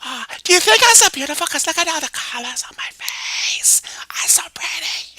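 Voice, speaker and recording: A woman's voice: very high voice, lively intonation, normal speed, pushed and bright, no echo, full character voice. A woman voicing a naive, chattering eight-year-old girl who rambles breathily through her story with stammered restarts, often half-whispering. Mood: childish chatter. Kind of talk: comedic one-woman voice sketch.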